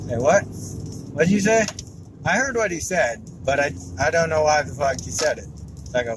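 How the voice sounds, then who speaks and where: A man performs a stand-up set from behind the wheel, telling his stories in a wry, conversational way. His voice sits a little high. Loud car and road noise runs under everything he says. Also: animated, moderate pace. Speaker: stand-up comedian. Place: car, while driving. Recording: noisy car interior.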